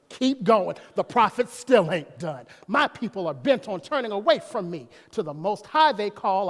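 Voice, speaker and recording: A man preaching a sermon as pastor, folksy, breaking off to talk to himself and to the congregation. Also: sits high. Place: church sanctuary. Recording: long reverb of a church hall.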